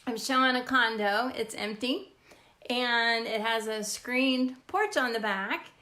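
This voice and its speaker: High, bright-voiced woman telling stories. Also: slow. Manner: animated, laughs often while telling stories. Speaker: real estate agent. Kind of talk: casual storytelling to camera.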